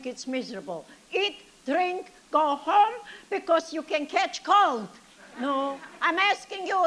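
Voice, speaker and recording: A woman's voice: high-pitched, pushed and bright. A woman performing a comic monologue as an elderly grandmother, telling stories with dry self-pity and sing-song asides. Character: elderly Yiddish-speaking grandmother, chatty and wry.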